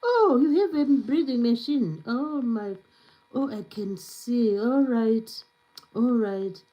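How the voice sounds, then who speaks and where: A woman with a non-native English accent hosts a live stream, her voice a little high and animated as she takes it slowly. She's casual and chatty, uses many fillers, and reads viewer comments aloud. The recording has its highs cut off.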